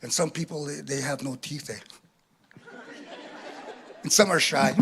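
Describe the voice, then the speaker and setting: Animated comedian guy, high husky voice, keeps tossing in "eh?". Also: unhurried. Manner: animated, tag questions with "eh", acts out laughs. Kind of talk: stand-up storytelling. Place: live performance venue.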